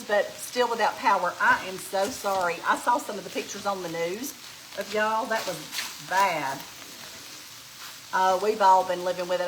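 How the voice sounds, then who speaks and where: A woman with a warm Southern US accent hosts a live cooking stream, chatting in a folksy way with her viewers as she stirs and reads their comments aloud. She sounds tired, but she keeps the talk going. Faint frying sizzles behind her in the home kitchen. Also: medium pitch, a little hiss or hum, rough recording. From Alabama. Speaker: cooking show host.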